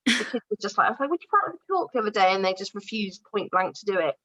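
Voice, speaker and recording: A woman's voice: mid-range voice, expressive, very fast, a bit bright, no room sound, highs cut off. A woman hosting a casual online radio show, chatting enthusiastically with guests over a video call. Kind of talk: casual chat.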